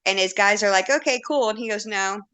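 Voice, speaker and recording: A woman's voice: medium pitch, a little fast, fairly bright tone, smooth. A woman in her forties, a podcast guest telling a story in casual chat, blunt and candid, acting out quotes and laughing often.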